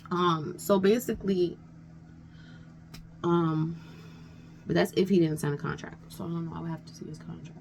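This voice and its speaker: Gravelly woman rambling through a storytime. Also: on the low side, steady tone, moderate pace, long pauses, a little mellow, poor audio. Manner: rambling, conversational, frequent "you know what I'm saying". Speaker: vlogger telling a story. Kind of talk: casual storytime chat. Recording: faint background noise.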